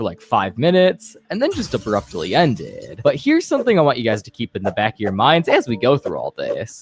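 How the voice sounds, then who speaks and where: Guy narrating drama commentary, voice swings all over the place, chatty and animated. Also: medium pitch. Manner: recounting online drama, animated. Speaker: host.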